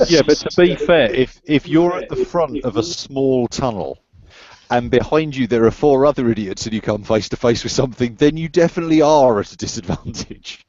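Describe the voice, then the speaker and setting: Male game master, mid-pitched, stumbling and repetitive, lo-fi online audio. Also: a little mellow. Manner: halting, repeats words, laughs often. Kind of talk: narrating an online tabletop game. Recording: dull lo-fi online call audio.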